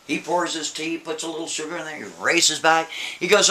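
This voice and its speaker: A man telling a spooky story casually, animated and talking straight to the listener. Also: on the high side, brisk. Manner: animated, addresses the listener directly.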